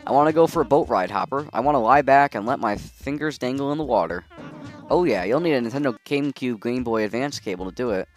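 A man's voice: medium pitch, quick pace, soft background music, natural voice. A man reading the lines of a grumpy male penguin villager from a video game, in a sardonic tone. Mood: grumbling. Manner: sardonic, bored, read from game text.

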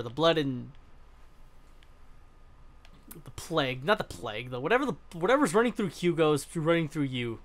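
A man's voice: a little high, creaky, fairly bright tone. Young guy doing casual gameplay commentary, swears a lot, loses his train of thought, voice really bouncy. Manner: rambling, swears freely, trails off and restarts. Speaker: gaming channel host. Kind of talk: casual let's-play commentary.

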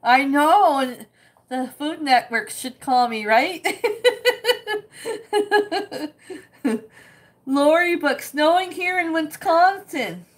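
A woman hosting a casual cooking livestream, reading viewer comments aloud, chatty and quick to laugh. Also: high voice, lively intonation.

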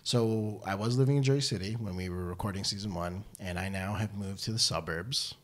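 A man's voice: low voice, brisk, a little hiss or hum. A middle-aged man co-hosting a podcast, chatting casually and joking with his best friend. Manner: playful, joking banter. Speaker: podcast co-host. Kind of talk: casual chat between friends.

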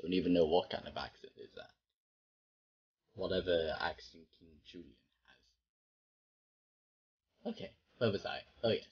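A man's voice: low voice, fairly quick, a little mellow, breathy edge, highs cut off. A man recording voice lines at home, flubbing takes, swearing and laughing, his accent drifting between British and American. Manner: swears often and breaks into laughs. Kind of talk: blooper reel of a home voice recording session. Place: a house with his dog.

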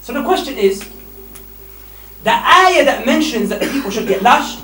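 A man preaching a lively sermon to young men, emphatic and animated, often laughing mid-sentence. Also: very high voice, normal speed. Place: mosque hall. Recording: echoey hall, distant mic, faint hiss.

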